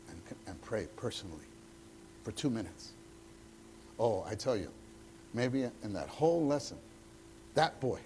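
A man with a lowish, slightly mellow voice leads a church teacher-training meeting, speaking conversationally and acting out snippets of quoted dialogue. There's a little hiss or hum in the recording.

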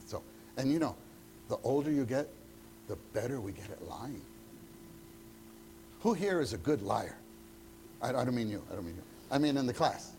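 A man's voice: mid-range voice, expressive, normal speed, pauses often, darkish tone, slight background noise. A man leading a church teacher-training meeting, talking conversationally and acting out bits of dialogue. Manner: conversational, acts out quoted dialogue.

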